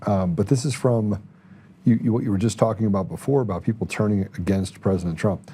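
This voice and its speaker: A man's voice: on the low side, quick pace, dark tone, slightly rough. A man hosting a political talk show, telling a long story in a rambling way with many restarts. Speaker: podcast host.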